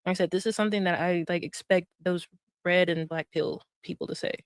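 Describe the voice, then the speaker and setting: A woman streamer reacts to a clip with casual, chatty commentary, laughing often and using lots of fillers. Her voice is fairly low with fairly even intonation and a brisk pace, recorded clean like a studio with no room sound.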